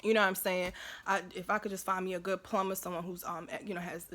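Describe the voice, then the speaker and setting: A woman talking casually to camera as a vlogger, chatty and warm-hearted in her asides, often asking "you know what I'm saying". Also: lowish voice, flat delivery, fast talker.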